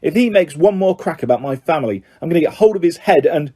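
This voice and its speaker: A man's voice: on the high side, lively intonation, fast, dark tone, breathy edge. A man voicing a blunt, hot-tempered teenage boy who blurts things out indignantly.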